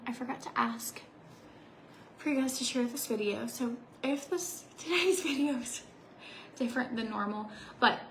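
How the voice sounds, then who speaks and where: Chatty woman with a gravelly edge. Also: on the high side, slight background noise. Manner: chatty, sometimes drops to a whisper. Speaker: beauty vlogger. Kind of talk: casual get-ready-with-me chat.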